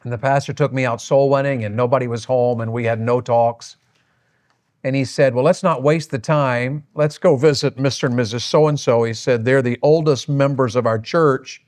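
A middle-aged man preaching on marriage, telling a story in a folksy, animated way. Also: medium pitch, moderate pace.

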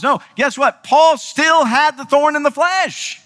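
A man's voice: very high voice, a little slow, bright, forceful tone. A male pastor preaching a sermon emphatically, speaking directly to his congregation.

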